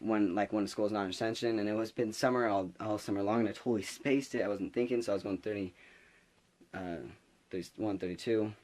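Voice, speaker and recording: A teenage guy with a slightly low voice spins a casual storytime for his vlog. He rambles, backtracks and acts out his own nervous panic with plenty of excitement. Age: late teens. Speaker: vlogger.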